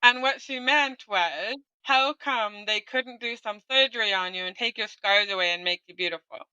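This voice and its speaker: A woman's voice: medium pitch, normal speed, pushed and bright, clean tone, no echo, lo-fi sound. A middle-aged woman guest candidly telling her own story in conversation, often ending on a tag question. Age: 40s or older.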